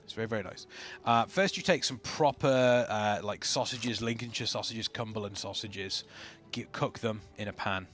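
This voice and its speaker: An English man casting a live game race, chatty and excitable in his play-by-play. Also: fairly low pitch, moderate pace, soft background music. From England. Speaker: esports caster.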